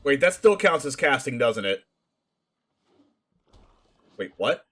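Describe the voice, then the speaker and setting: A man streaming a card game live, commenting excitably with frequent shouts and laughs. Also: medium pitch, takes it slowly.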